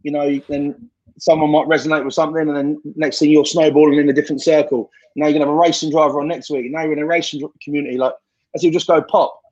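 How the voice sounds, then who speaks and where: Man, blunt, sweary, motivational, slightly raised pitch, husky, muffled recording. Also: level tone, quick pace, a little mellow. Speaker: podcast guest. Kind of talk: casual chat.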